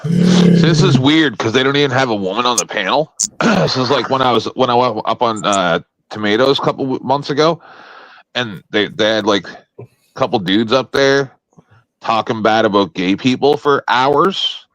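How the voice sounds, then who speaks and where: A man's voice: medium pitch, expressive, normal speed, fairly bright tone, no room sound, low-quality recording. A man on a stream panel, telling stories in an earnest, chatty way. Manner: earnest, storytelling. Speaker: panel guest. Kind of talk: casual panel chat.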